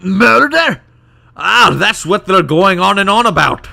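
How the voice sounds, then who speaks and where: A man's voice: sits high, very animated, unhurried, creaky, sharp tone, voice pushed up, full character voice. A man voicing a blunt, proud male dwarf in a wandering Scottish accent while playing a game. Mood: gruff. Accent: attempted Scottish, wandering. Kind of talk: game playthrough voice acting.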